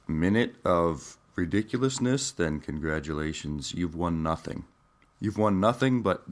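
A groggy man who has just woken up, hosting his podcast in a put-on Australian/New Zealand accent with a deep morning voice, rambling and deadpan. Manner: rambling, deadpan, self-mocking. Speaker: podcast host. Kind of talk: rambling comedic monologue.

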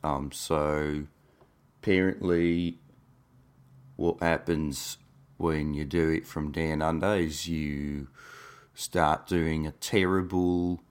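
A groggy man who has just woken up, hosting his podcast in a put-on Australian/New Zealand accent with a deep morning voice, rambling and deadpan. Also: takes it slowly, pauses often, clear, resonant tone. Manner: rambling, deadpan, self-mocking. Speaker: podcast host. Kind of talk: rambling comedic monologue.

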